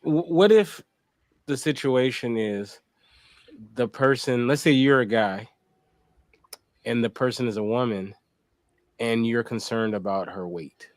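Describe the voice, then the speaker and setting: A man hosting a casual panel chat on a video call, relaxed, asking questions and laughing along. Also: mid-range voice, unhurried, pauses often, no echo.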